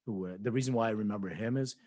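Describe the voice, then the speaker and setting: A man's voice: fairly low pitch, racing, darkish tone, no echo. A man co-hosting a podcast, telling rambling anecdotes in casual chat, acting out quoted voices and laughing often. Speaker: podcast co-host.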